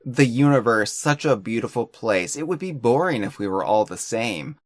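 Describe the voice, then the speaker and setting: A man's voice: mid-range voice, expressive, normal speed, no room sound. A man hosting a podcast in casual chat, rambling and self-deprecating, often stumbling over his words. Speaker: podcast host.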